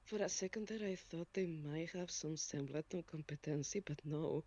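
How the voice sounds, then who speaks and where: A woman's voice: sits low, moderate pace, dark tone. A woman player at a tabletop game, making dry, amused remarks. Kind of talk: casual chat at a tabletop game.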